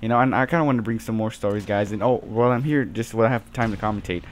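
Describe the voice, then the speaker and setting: This teenage gamer talks very fast in a voice on the low side, telling a wandering, filler-laden story during casual commentary for his channel. A bit of hiss or hum sits under the audio.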